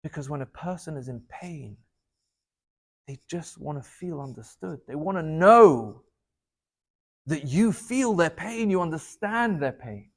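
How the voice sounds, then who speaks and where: A rabbi with a notably high-pitched voice gives an inspirational talk. He swings from loud, emphatic lines down to soft, low asides, and his delivery stays dynamic throughout. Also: lively intonation, unhurried.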